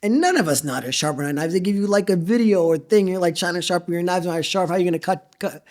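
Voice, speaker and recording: A man's voice: high voice, fast. A middle-aged man, a chef, telling stories in a casual interview, acting out quotes and swearing freely. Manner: animated storyteller who acts out quotes, swears freely. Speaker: chef and restaurant owner, guest.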